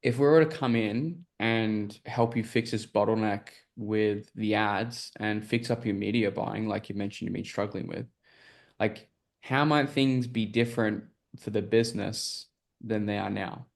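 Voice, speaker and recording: A man's voice: fairly low pitch, fairly even intonation, unhurried, gravelly. A man coaching a group on a call, explaining sales questions in a casual, filler-heavy way and often checking that listeners follow.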